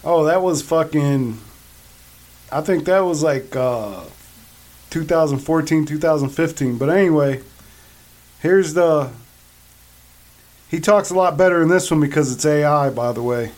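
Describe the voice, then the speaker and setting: A laid-back male podcast host chats loosely, swearing freely and laughing often. His voice sits a touch higher than most men's. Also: unhurried, pauses often, darkish tone. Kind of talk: casual chat.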